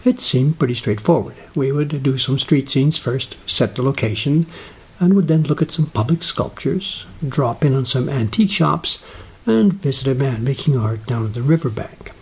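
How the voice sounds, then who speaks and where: A middle-aged man reading a personal essay aloud in a dry, self-deprecating, unhurried manner. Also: mid-range voice, expressive, breathy edge. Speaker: narrator. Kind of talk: scripted personal essay narration.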